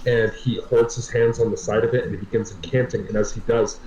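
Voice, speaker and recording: A man with a fairly low voice describes his character's actions in a tabletop game. He talks in a halting, apologetic way with frequent fillers. His sound is roomy and dull, like a lo-fi mic in an echoey room. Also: fairly even intonation, darkish tone, a little hiss or hum. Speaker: player. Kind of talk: casual tabletop play.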